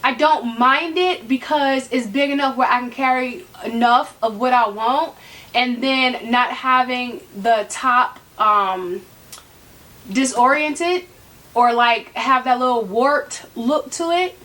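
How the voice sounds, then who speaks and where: Sassy high-voiced woman vlogger. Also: takes it slowly, a bit bright. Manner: sassy, joking, talks straight to viewers. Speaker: handbag collection vlogger. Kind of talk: casual talk to camera. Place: room at home.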